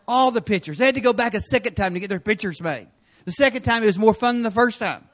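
A man preaching in a church sanctuary, his voice sitting high for a man. He tells stories with energy, jumping from loud, punchy lines to quiet asides. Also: fast. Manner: animated storytelling with sudden loud and quiet turns. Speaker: guest preacher. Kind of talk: sermon.

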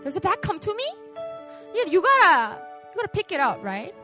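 Lively high-voiced woman preaching. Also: a little fast, soft background music. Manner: lively preaching with repeated "right?" asides; acts out voices in her illustrations. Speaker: retreat speaker. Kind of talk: sermon.

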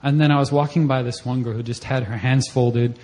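A young man giving a personal testimony at a church service, telling the story in a conversational way and acting out his own reactions in a voice that jumps up high. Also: fairly even intonation, fairly quick, darkish tone. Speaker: church member giving a mission-trip testimony.

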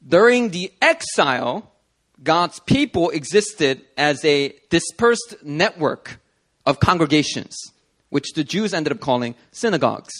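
A man giving a Christian sermon-style video talk, telling personal stories in an animated, conversational way. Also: fairly high pitch. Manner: animated storytelling, conversational with fillers. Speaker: Christian teacher.

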